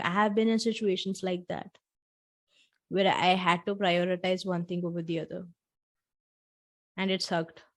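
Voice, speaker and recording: Earnest woman talking to podcast listeners. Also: on the low side. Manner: earnest, talks straight to the listener, acts out little dialogues. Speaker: podcast host. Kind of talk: solo podcast storytelling.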